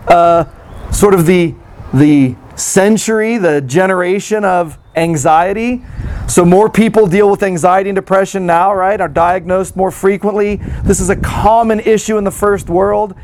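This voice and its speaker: A man's voice: high-pitched, unhurried, darkish tone. A man giving a casual, conversational sermon and reading scripture, self-deprecating and given to acting out mocking replies. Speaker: pastor.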